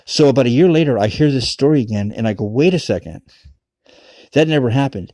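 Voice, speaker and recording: Male storyteller, mellow voice, dry close sound, rambling and profane. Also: mid-range voice, a little fast, dry recording. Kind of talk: casual personal storytelling.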